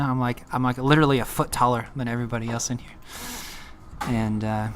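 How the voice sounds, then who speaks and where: Man, casual vlog storytelling, rambling, laid-back, filler words, middle pitch. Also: fairly even intonation, brisk, fairly bright tone, slight background noise. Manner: rambling, laid-back, full of "like" and "you know". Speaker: uncle telling his own story.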